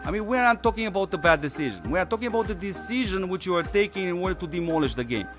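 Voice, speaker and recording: Rambling male game streamer, hoarse. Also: high-pitched, lively intonation, racing, music in the background. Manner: rambling, many fillers and restarts. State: losing his voice. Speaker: gaming channel host. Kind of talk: casual stream commentary.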